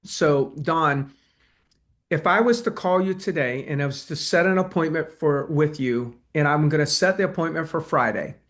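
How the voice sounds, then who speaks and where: A man's voice: fairly high pitch, moderate pace, fairly bright tone. A man coaching real estate agents in a webinar, talking conversationally and acting out sales calls. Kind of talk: webinar presentation and Q&A.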